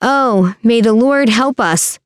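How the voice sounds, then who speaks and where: A woman's voice: medium pitch, a little slow, a little mellow, smooth, no room sound, studio quality, close to an everyday voice. A woman reading a storybook and voicing a scheming, pompous middle-aged nobleman who puts on fake, wailing grief and gloats. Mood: mock wailing.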